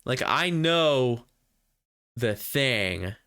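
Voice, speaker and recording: Brief: man, sleepy rambling game streamer, slow, lively pitch. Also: clean tone. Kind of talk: casual game commentary. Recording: game music behind the voice.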